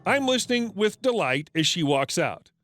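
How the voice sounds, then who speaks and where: A man's voice: high-pitched, sing-song, moderate pace, fairly bright tone. A man narrating a retail story in a scripted, matter-of-fact reading. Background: faint background music.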